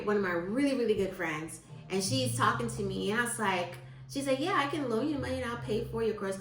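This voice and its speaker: A woman, telling stories to her viewers in a chatty, expressive way. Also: medium pitch, roomy sound, slight background noise. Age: 50s. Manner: chatty and expressive, quotes people in lively voices. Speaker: vlogger. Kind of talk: casual storytelling to viewers.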